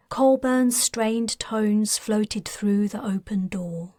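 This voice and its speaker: Slow, measured woman narrating an audiobook. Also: mid-range voice, dark tone, no room sound, clean studio sound. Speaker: author and narrator.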